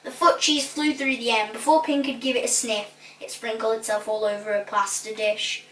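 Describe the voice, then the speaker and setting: A woman reads a children's story aloud with lively, playful expression, relishing the silly words. Her voice is bright and raised, and it echoes in a roomy space, picked up from a distance. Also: fairly high pitch, brisk. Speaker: storybook reader. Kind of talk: expressive children's book reading. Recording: roomy echo, distant mic.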